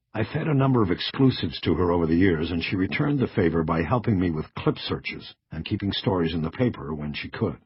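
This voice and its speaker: A man reading first-person scripted narration for an audiobook in a measured, understated way. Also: sits low, slightly rough, dry recording, lo-fi sound.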